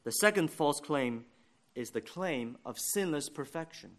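A man's voice: fairly high pitch, expressive. Earnest male preacher giving a sermon. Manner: earnest, deliberate preaching with rising emphasis.

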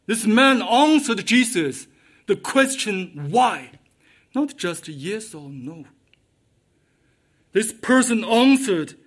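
A man's voice: high-pitched, very animated, slow. A man preaching a sermon, repeating his key questions with emphasis.

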